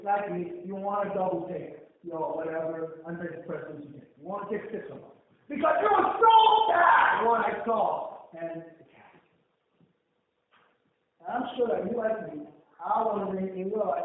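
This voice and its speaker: A male pastor delivers a sermon with a high voice, shouting out lines and asking the congregation to repeat them. The sound is tinny and narrow, like a phone line. It rings out through a big, echoing church hall. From Nigeria. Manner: preaching with shouts and call-and-response.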